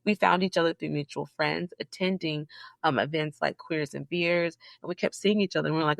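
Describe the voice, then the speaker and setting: A woman from Southeast Georgia, a guest in a casual interview, telling stories in an animated, emphatic way with sudden high, loud bursts. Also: a little fast, creaky, dry recording. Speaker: podcast guest, librarian.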